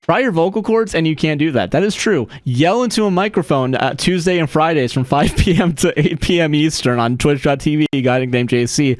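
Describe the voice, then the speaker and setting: A man's voice: a little high, fairly quick, few pauses, dry recording. A man livestreaming a game, chatting casually in a rambling, profane way and laughing often. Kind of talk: casual chat while streaming a game.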